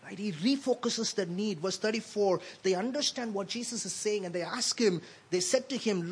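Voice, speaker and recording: High, husky-voiced male preacher. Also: moderate pace, few pauses. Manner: conversational, frequent "right?" asides, repeats words. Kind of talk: sermon.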